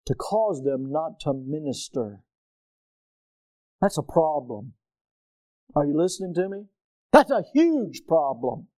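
A middle-aged male pastor preaches with a mellow voice pitched a little high. He presses his points, asks the congregation questions, and surges loud when he drives a point home. The sound is close and dry. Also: no echo. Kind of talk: preaching a sermon.

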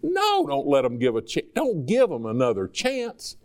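A man's voice: mid-range voice, very animated, moderate pace, a little mellow. A man preaching a sermon in a conversational way, acting out dialogue between people and God. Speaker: pastor.

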